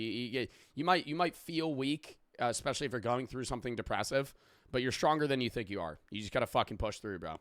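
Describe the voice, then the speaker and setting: A man talking on a live stream, rambling loosely with plenty of swearing as he reads out donations. His voice is bright and forward. The sound is dry and close, with no room around it. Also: medium pitch, no echo. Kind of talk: casual live-stream chat.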